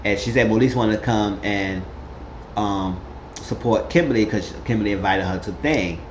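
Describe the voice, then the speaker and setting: A man telling a casual, animated recap of a reality show, acting out the quotes as he goes. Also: lowish voice, moderate pace, slight background noise. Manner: animated storytelling with acted quotes. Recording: roomy, slightly dull recording.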